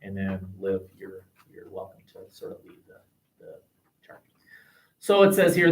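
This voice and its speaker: Animated American history teacher in class. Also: male voice, low voice, moderate pace, pauses often. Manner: lively, chatty, digressive, many restarts. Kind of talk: classroom discussion. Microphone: webcam.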